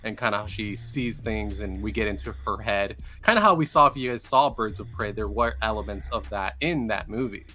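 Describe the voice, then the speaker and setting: A man co-hosting a casual live stream, explaining in a measured way with many fillers. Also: fairly low pitch, pushed and bright, faint music behind. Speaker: co-host.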